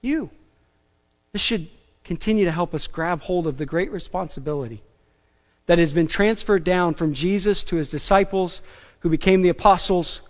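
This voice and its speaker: High-voiced, emphatic male pastor in a reverberant hall. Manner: animated, emphatic, with asides and self-deprecating jokes. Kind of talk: sermon. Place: church sanctuary.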